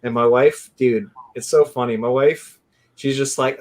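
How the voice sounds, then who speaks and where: A man hosting a live barbecue stream, chatting in an excitable, rambling way and saying "dude" a lot. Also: mid-range voice, unhurried. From California. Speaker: host of a live barbecue show. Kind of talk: casual live-stream chat.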